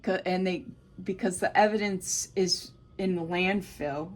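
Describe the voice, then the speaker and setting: Slow, low-voiced Southern woman. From United States. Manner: blunt, swears freely, addresses viewers as Collective. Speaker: tarot reader. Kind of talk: solo tarot reading to camera.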